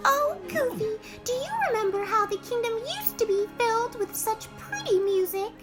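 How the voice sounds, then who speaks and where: A cheerful cartoon mouse girl put on by a woman, squeaky and sweet, pitched very high with a sing-song rise and fall. Bouncy game music plays clearly underneath. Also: expressive, normal speed.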